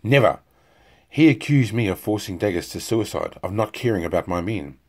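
A man's voice: deep voice, fairly quick, a little mellow, slightly rough. A man voicing an imperious, furious general who thunders his commands. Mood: outraged.

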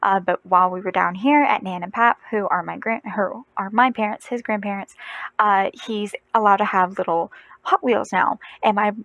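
A woman's voice: mid-range voice, moderate pace, creaky, fairly bright tone, no echo, dull audio. Young woman vlogging, casual storytelling, rambling and self-correcting, dry close-up sound.

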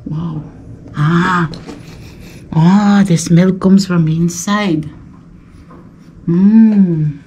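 A woman's voice: lowish voice, extremely slow, long pauses, dark tone, husky. A woman travel vlogger giving nervous running commentary to viewers outdoors on a ruin while climbing, recorded on an action camera, with many exclamations. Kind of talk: handheld travel vlog commentary.

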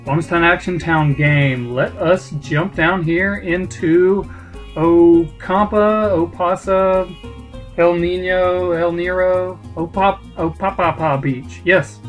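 A man commentates a video game casually, cracking jokes and playfully mangling names. His voice sits a touch high, his pace is slow and unhurried, and faint game music plays behind him. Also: steady tone. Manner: joking asides, playful mispronunciations. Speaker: let's play host.

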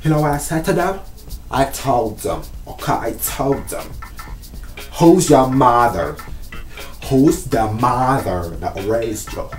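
A man voicing a sassy, bossy young woman who loudly scolds and keeps asking "okay?". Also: mid-range voice, big pitch swings, slow pace. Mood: sassy scolding. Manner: loud, scolding, repeats "okay?". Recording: echoey room, mic at a distance, faint music.

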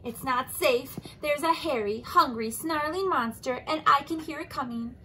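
A woman's voice: high voice, moderate pace, sharp tone, a little hiss or hum, pitched above the performer's own voice, poor audio. Woman doing an urgent squealing leopard. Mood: alarmed. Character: frightened, excitable leopard.

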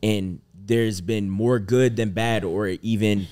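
A man's voice: lowish voice, fairly even intonation, takes it slowly, a little mellow, clear, resonant tone. A man in his twenties, co-hosting a podcast, talking earnestly and reflectively in casual chat. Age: 20s. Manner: earnest, reflective, often asks "you feel me?". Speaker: podcast co-host.

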